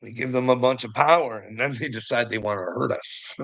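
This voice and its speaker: A man with a gravelly, rough-edged voice tells a rambling personal story, cursing freely and chuckling as he goes. His tone is bright and forceful, with a husky grain. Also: mid-range voice, moderate pace, low-quality recording. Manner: profane, rambling, laughs often. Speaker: vlogger. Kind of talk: casual storytelling monologue.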